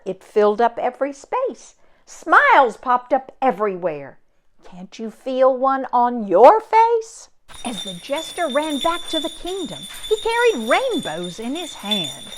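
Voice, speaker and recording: A woman reading a rhyming storybook aloud in an expressive, sing-song way. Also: sits high.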